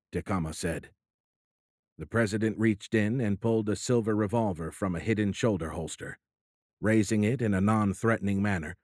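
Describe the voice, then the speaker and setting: A middle-aged man narrating an audiobook in a steady, even storytelling manner. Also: fairly low pitch, dry recording, clean studio sound. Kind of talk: scripted narration.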